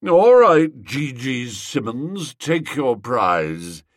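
Man voicing a pompous, blustering young gentleman. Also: medium pitch, very animated, very slow, no echo, clean studio sound. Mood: accusing. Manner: cold, blustering and accusing. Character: hectoring, pompous young gentleman handing out school prizes.

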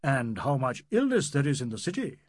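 A man voicing a polite, placating middle-aged gentleman who speaks in a courteous, soothing manner. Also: mid-range voice, sing-song, a little fast, dry recording, clean studio sound.

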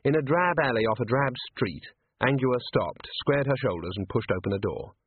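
A man narrating an audiobook in a measured, dry storytelling manner. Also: mid-range voice, animated, husky. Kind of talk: scripted narration. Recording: tinny phone-like audio.

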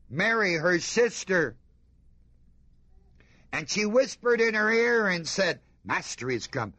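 Guy preaching a sermon, asks the crowd lots of questions, goes quiet then fired up, kinda muffled dry lo-fi sound. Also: medium pitch, no room sound. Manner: emphatic, rhetorical questions to the congregation, swings between hushed and fervent. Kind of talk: sermon, reading and commenting on scripture.

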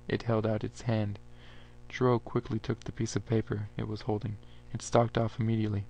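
A man reading his own science fiction story aloud in a plain, even manner, with an occasional small slip. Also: fairly low pitch, a little fast. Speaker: narrator.

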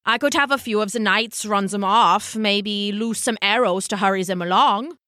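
A cautious male steward from a storybook, speaking low and measured, as a woman reader puts him on. The sound is crisp and bright, dry and close. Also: no room sound, close to an everyday voice. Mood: concerned.

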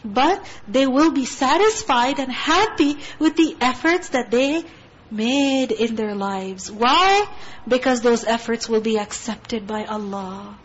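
A woman with a high voice teaches a Quran tafsir lesson. She speaks earnestly, asking rhetorical questions and reciting Arabic verses quickly between explanations. The recording sounds dull and lo-fi.

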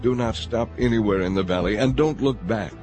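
Stern heavenly messengers who warn and command with urgency, voiced by a male reader. The tone is low and firm. Faint music runs beneath the reading. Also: fairly quick, lightly acted. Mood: urgent.

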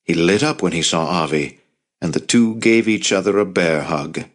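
Audiobook narrator, man, very deep voice, measured and even. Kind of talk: scripted narration.

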